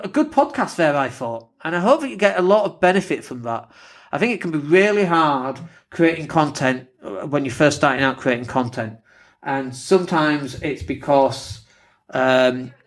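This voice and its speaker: A man's voice: mid-range voice, expressive, normal speed. A man with a northern English accent and a slight lisp, hosting a casual solo podcast, blunt and swearing freely. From northern England. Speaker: podcast host.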